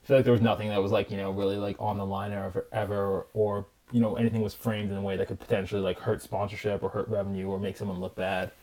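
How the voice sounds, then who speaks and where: A man's voice: fairly low pitch, level tone, fast, few pauses, a little mellow. A man co-hosting a podcast in casual chat, rambling and skeptical in his opinions. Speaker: podcast co-host.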